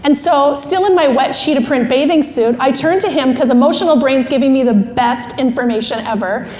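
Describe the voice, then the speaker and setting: A woman keynote speaker telling a lively, self-deprecating story, laughing often. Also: high-pitched, brisk. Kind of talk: animated storytelling talk. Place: large expo hall. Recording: echoey hall with faint ambience.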